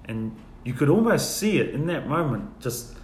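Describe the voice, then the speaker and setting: A man casually recounting church testimonies, telling his story and softly acting out the dialogue. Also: mid-range voice, big pitch swings, moderate pace. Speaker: guest sharing testimonies. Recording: echoey room with faint ambient noise.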